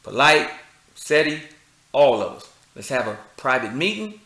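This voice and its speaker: A man's voice: medium pitch, big pitch swings, measured pace, sharp tone, echoey room. A man, speaking preachy and confrontational, firing rhetorical questions and street slang. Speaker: commentator. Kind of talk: impassioned address to camera.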